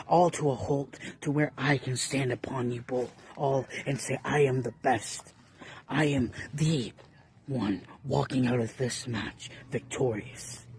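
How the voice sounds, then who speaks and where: A man cuts a boastful wrestling promo in a mid-pitched voice, leaning into menace. His lines keep dropping into hushed, threatening whispers over a faint hiss behind him. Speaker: fan wrestling promo performer. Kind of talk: wrestling trash-talk promo.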